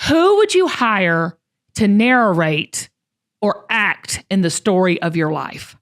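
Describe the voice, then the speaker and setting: A woman with a Southern US accent hosting a talk show, firing off questions with bubbly, quick reactions and exclamations. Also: mid-range voice, lively intonation. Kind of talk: casual interview chat.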